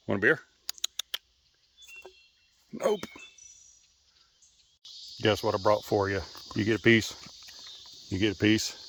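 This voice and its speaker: A man's voice: on the low side, gravelly, bright, forceful tone, a little hiss or hum. A man chatting playfully to his pets outdoors by a river, teasing, coaxing and laughing often. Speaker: pet owner filming his animals. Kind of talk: casual talk to pets.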